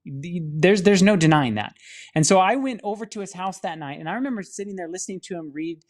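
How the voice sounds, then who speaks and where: A man's voice: high-pitched, quick pace. A man, a film studio director, telling his personal faith testimony in an earnest storytelling manner, often restarting his sentences. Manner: earnest storytelling with many restarts and dramatic acted-out quotes.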